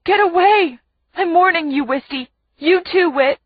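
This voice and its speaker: A woman's voice: very high voice, unhurried, dry recording, dull audio, voice pushed up. A woman voicing a desperate captive mother in an audiobook, pleading and frantic.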